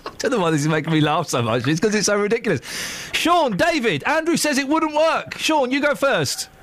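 A man's voice: extremely high pitch, big pitch swings, brisk, a bit bright, a little hiss or hum. A man hosting a radio phone-in show, teasing his callers and his co-hosts and laughing a lot. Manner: playful, teasing, laughs often. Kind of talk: lively radio phone-in chat.

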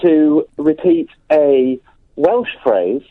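A man calling in to a radio show, telling deadpan joke one-liners. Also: on the high side, extremely slow, no room sound, phone-quality sound. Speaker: radio caller.

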